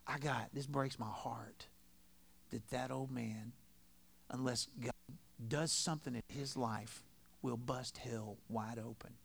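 A middle-aged man preaching a sermon in a conversational, storytelling way, swinging between loud and quiet. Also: medium pitch, normal speed, gravelly. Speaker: pastor.

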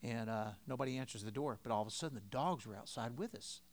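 A middle-aged pastor preaches a sermon in a conversational, storytelling style, his volume swinging between loud and quiet. His voice sits in the mid-range, and he talks fast.

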